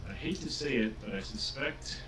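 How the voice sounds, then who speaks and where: A man running a tabletop game as game master, narrating in a halting way full of filler sounds. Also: medium pitch, expressive, noisy background. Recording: roomy, distant from the mic.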